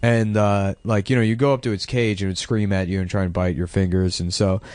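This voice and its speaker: A man's voice: low voice, flat delivery, a little fast, a little mellow, smooth, dry recording. A man co-hosting a comedy podcast, telling crude, rambling stories in casual chat. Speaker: podcast co-host.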